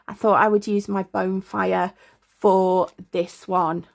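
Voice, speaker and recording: A woman's voice: mid-range voice, flat delivery, slow, gravelly, slight background noise. A middle-aged woman talking to camera at her desk in a casual, rambling way, often stopping to search for words. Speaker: tarot vlogger. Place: indoors at a desk.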